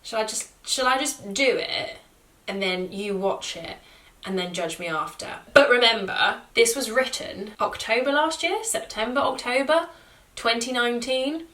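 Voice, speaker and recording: A woman's voice: on the high side, unhurried, sharp tone, distant mic. Chatty self-mocking woman comedian. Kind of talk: casual vlog intro to camera.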